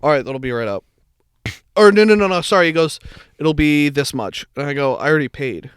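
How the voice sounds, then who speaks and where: A man's voice: fairly high pitch, expressive, fairly quick, smooth, dry recording, studio quality. A young man co-hosting a podcast, telling a long story in casual chat, swearing and acting out the people in it. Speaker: podcast co-host.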